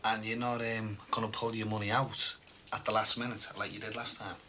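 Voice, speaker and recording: A man's voice: fairly low pitch, flat delivery, brisk, bright, forceful tone. An actor playing a cocky man who teases and brags about his money. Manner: smug, teasing, boastful. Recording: noisy TV broadcast sound.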